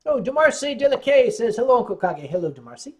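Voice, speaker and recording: A man's voice: very high-pitched, very animated, fast talker, a little mellow. Casting: tipsy male streamer, wry, rambling, reads chat aloud. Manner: wry, joking, rambling storyteller. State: tipsy from wine. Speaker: livestream host reading chat. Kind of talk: casual chat on a livestream.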